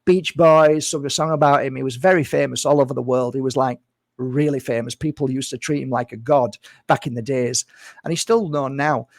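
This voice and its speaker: A man's voice: medium pitch, steady tone, a little fast, dry recording, studio quality. A man talking casually to camera as a healer and vlogger, earnest and rambling, repeating his phrases and calling his viewers "guys.".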